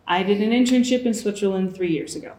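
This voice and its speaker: A woman's voice: medium pitch, quick pace, a little mellow. Chatty young woman in an echoey room. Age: 20s. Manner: chatty, acts out quoted voices. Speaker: guest. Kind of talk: casual chat.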